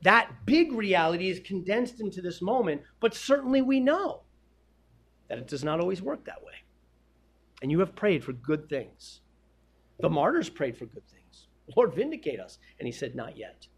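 A man preaching a sermon, swinging between loud emphatic peaks and hushed, quiet drops. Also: sits high, very animated, normal speed, slightly rough.

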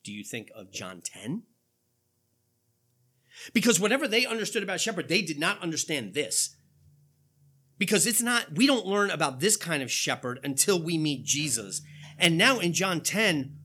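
A male pastor preaching a sermon, asking rhetorical questions and quoting scripture with animated delivery. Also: on the high side, normal speed, breathy edge.

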